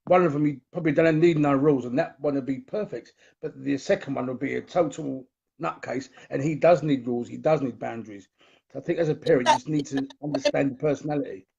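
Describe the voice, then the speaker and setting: A man's voice: medium pitch, fast, vocal fry, darkish tone, slightly rough, lo-fi sound. A man with an East London accent, a guest on a video call, talking earnestly and in a friendly way. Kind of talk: casual interview chat.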